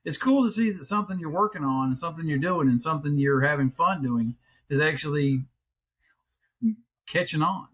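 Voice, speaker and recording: This is a middle-aged man chatting as a podcast co-host, his voice sitting a touch high for a man. He rambles, restarts his sentences and swears without a second thought. The sound is dull and lo-fi, as if through a cheap mic. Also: fairly quick, fairly bright tone, breathy edge. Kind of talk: casual chat.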